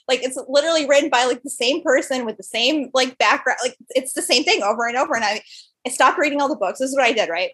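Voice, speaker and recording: A woman's voice: high-pitched, lively intonation, a bit bright, breathy edge. A young woman, a podcast guest, telling stories in casual interview chat, full of "like" fillers. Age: young adult. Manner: fast, filler-heavy storytelling with lots of "like". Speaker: podcast guest, startup founder.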